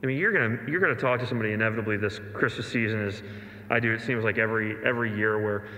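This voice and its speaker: Bright-voiced man preaching in echoey hall. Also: fairly low pitch, rapid-fire, slight background noise. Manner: earnest, emphatic preaching with rhetorical questions. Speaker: pastor. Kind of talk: sermon. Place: large church sanctuary.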